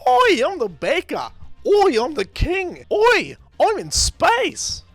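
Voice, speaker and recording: A man mimicking a gruff male dungeon master who uses one bandit voice for every character, bellowing and drawn out. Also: extremely high pitch, huge pitch swings, slow, a bit bright, no room sound, soft background music, voice pushed up, exaggerated voice. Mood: mocking.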